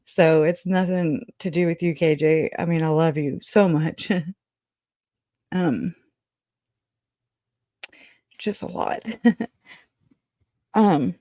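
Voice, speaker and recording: A woman's voice: deep voice, drawn-out words, long pauses, mellow, no room sound, clean studio sound. A woman hosting a true crime livestream, rambling, laughing often and teary as she chats. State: crying. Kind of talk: emotional livestream chat.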